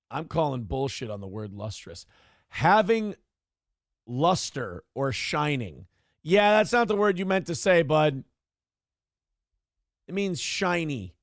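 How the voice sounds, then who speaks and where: A man's voice: a little high, no echo, clean studio sound. A man hosting a morning show, reacting to news clips with profane, sarcastic commentary and laughing asides.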